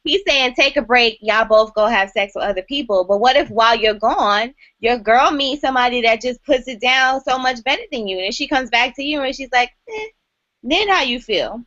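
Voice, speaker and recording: A woman co-hosting a casual podcast teases and questions with a bright, somewhat high voice. The sound is dry and slightly dull. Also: expressive, normal speed, dry recording. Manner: teasing, questioning. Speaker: podcast co-host. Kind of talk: casual drunk chat.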